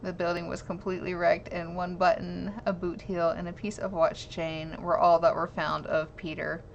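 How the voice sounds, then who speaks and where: A woman's voice: fairly low pitch, little pitch movement, moderate pace, gravelly. A woman chatting with viewers on a live stream, reading an old news clipping aloud and giggling at herself. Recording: slightly dull lo-fi stream audio with faint noise.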